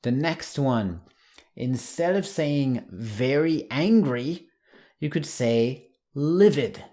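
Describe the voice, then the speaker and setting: A man teaching an English lesson online, saying example words slowly and clearly. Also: medium pitch, lively intonation, mellow.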